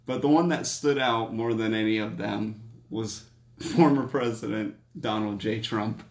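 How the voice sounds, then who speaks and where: A man's voice: fairly low pitch, unhurried, reverberant. A man co-hosting a combat sports podcast, talking casually and laughing often as he rambles through his stories. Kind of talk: casual chat.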